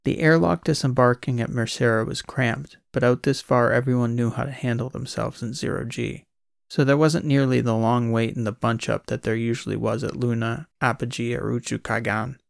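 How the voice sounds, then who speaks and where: A man narrating a science fiction audiobook in a steady, scripted storytelling voice. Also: medium pitch, normal speed, creaky, dry recording, clean studio sound.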